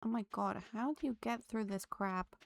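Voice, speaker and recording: A woman's voice: a little high, moderate pace, creaky. A woman live-streaming a game, chatting to her viewers and laughing often. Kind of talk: live gameplay streaming chat.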